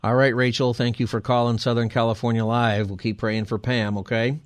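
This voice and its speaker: A man's voice: medium pitch, flat delivery, no echo. A man hosting a Christian call-in radio show as pastor, talking earnestly in a preacherly way and praying for callers. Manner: earnest, preacherly, with quick restarts. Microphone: studio microphone.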